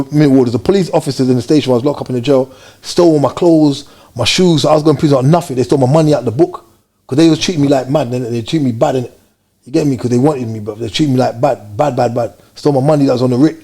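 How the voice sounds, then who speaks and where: A man from Jamaica, telling his story as an interview guest in fast, animated street slang. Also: medium pitch.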